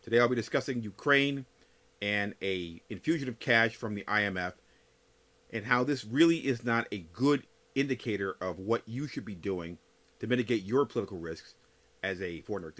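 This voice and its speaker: A man hosting a solo podcast, giving a measured, emphatic analysis as a political scientist. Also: fairly low pitch, a bit bright.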